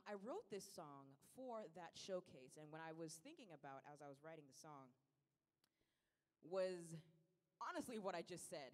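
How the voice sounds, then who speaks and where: A young singer-songwriter in her twenties, chatting casually and a little nervously between songs, with frequent laughs. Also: mid-range voice. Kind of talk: casual stage banter. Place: live concert stage in a large hall. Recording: reverberant concert hall.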